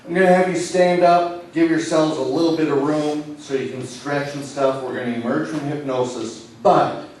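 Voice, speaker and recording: A man from Nebraska working as a stage hypnotist in a comedy show, giving slow, soothing suggestions that sink soft and low when he tells people to relax. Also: fairly even intonation. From Lincoln, Nebraska. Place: indoor city hall room. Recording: echoey hall, voice from far off.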